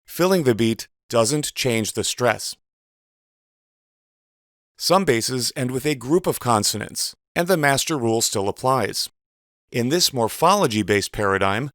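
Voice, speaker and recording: A man giving a measured, precise instructional voice-over as a teacher. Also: medium pitch, expressive, dry recording, studio quality. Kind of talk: scripted instructional narration.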